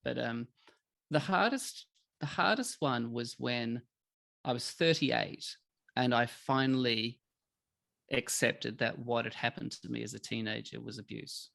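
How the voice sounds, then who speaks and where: A middle-aged man, a podcast guest telling emotional stories in a candid, animated way. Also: mid-range voice, unhurried, vocal fry. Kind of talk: candid conversational interview.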